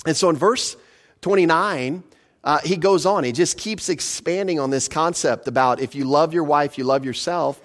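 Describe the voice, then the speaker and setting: Man preaching in a conversational way. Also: a little high. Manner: conversational, asks the listeners questions; slows for emphasis on scripture. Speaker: pastor. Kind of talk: sermon.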